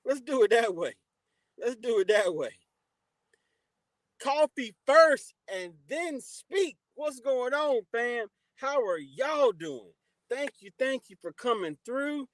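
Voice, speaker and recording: A man with a fairly high voice hosts a casual livestream. He greets viewers by name and gives relaxed advice. His voice sounds close and dry, with no room behind it. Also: slow pace, dry recording, poor audio. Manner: shouts out chat viewers warmly by name, preachy advice. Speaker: livestream host.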